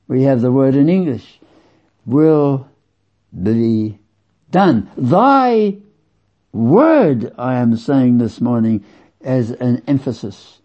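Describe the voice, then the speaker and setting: Slow, emphatic male preacher. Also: medium pitch, sing-song. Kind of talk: sermon. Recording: dull lo-fi sound.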